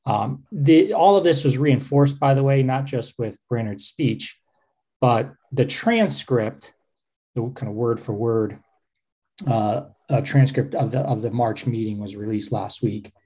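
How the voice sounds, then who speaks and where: A man's voice: mid-range voice, unhurried, dark tone, slightly rough, low-quality recording. A man co-hosting a podcast, explaining in casual plain terms with asides and a few restarts. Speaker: podcast co-host.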